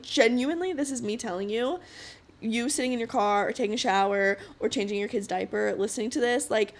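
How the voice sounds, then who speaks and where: Chatty giggly young woman podcaster. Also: a little high. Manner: chatty, giggly, encouraging pep talk. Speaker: podcast host. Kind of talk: casual solo podcast monologue.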